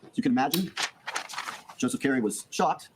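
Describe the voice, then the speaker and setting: A man speaks at a very rapid clip as he lays out a prosecutor's courtroom opening statement to a jury. His pitch sits in a middling range. He briskly acts out the quoted lines as he tells the story. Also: expressive, noisy background.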